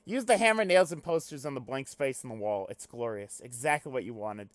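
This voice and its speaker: A young man reading a webcomic aloud on stream, breaking off into loud, animated asides. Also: mid-range voice, brisk, dry recording. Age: young adult. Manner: animated, swings to loud excited rants.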